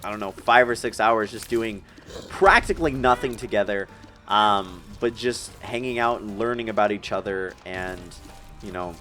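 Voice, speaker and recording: Rambling eighteen-year-old man, lowish voice. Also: normal speed, pushed and bright, faint music behind. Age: young adult. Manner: rambling, emotional, tearing up with nervous laughs. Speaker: streamer telling a personal story. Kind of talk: casual storytelling while gaming.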